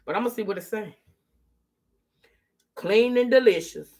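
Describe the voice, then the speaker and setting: A woman vlogging in a relaxed, chatty way, talking straight to her viewers and laughing often. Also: medium pitch, moderate pace. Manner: chatty, folksy, laughs often, addresses viewers as "girl" and "y'all". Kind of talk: casual chat to viewers while eating.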